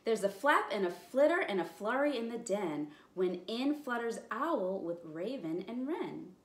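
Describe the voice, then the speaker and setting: Expressive storytime librarian woman. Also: mid-range voice, echoey room. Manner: slow, expressive, encouraging. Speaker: children's librarian. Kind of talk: storytime reading and singing.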